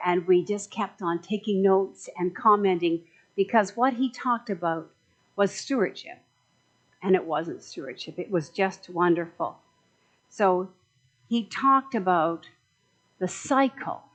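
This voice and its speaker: A woman's voice: medium pitch, lo-fi sound. Woman minister, chatty sermon, joking, conversational.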